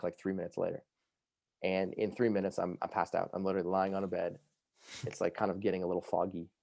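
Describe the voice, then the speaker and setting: A man tells his personal story as a guest on a podcast, rushing through it with plenty of fillers. His voice sits very low and has a gravelly fry. The sound is mellow and dark, with no room echo. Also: clean studio sound. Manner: fast, lively, full of fillers like "you know" and "like".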